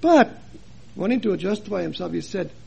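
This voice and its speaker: A man preaching a sermon, his high voice heavy with gravel and a husky edge. He talks earnestly and asks his listeners many rhetorical questions, swinging between loud and soft for emphasis. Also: animated, normal speed. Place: chapel.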